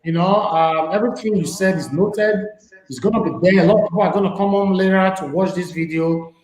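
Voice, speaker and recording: Guy hosting a live stream, kinda high voice, lots of "you know" and "um", echoey room. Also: fairly quick, a little mellow. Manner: loose, full of "you know" and "um" fillers. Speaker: host of a live online show. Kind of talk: live-stream interview chat.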